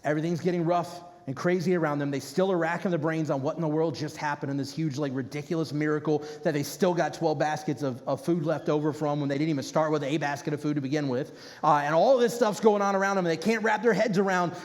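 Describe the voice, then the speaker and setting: A man, a rabbi, preaching a casual, conversational sermon with animated bursts to his congregation. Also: fairly high pitch, fast talker, hardly any pauses. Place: congregation hall. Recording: reverberant hall.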